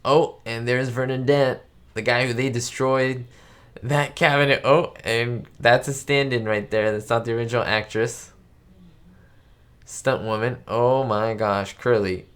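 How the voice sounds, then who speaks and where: A man's voice: medium pitch, fairly even intonation, a little slow, pauses often, a bit bright, clean tone. A man hosting a live stream, reacting to an old comedy with frequent laughter and exclamations and talking straight to his viewers. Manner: giddy, laughs often, exclamatory; chats directly to viewers. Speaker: channel host.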